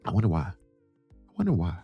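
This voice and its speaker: A man's voice: low voice, normal speed, slightly rough, no echo, highs cut off, soft background music. A man from the United States hosting his own show, telling travel stories in a casual, jokey way. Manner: animated, jokey, puts on voices in quotes. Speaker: host. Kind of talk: casual storytelling.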